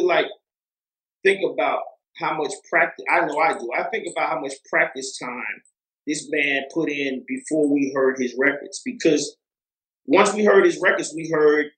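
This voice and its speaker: A man's voice: fairly high pitch, fairly bright tone, roomy sound, low-quality recording. A man talking as a music producer guest in a casual interview, rambling with lots of fillers and restarts.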